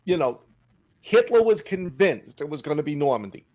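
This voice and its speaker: A middle-aged man co-hosting a podcast, telling anecdotes in a casual, animated way. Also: fairly high pitch, moderate pace. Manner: animated anecdote-teller, acts out quotes. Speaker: podcast co-host. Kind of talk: casual storytelling chat.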